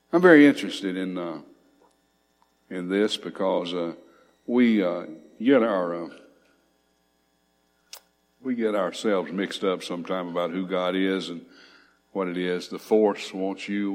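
A male preacher delivers a sermon in a fairly low voice, rising into emphasis when he reads scripture aloud. He pauses on frequent fillers between points. His voice rings with the long reverb of a church hall.

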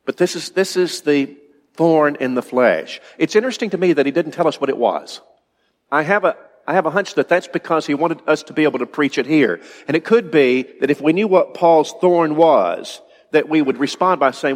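A man preaching a sermon as pastor, often pausing and repeating words as he thinks aloud. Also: a little high. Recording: long reverb of a large hall.

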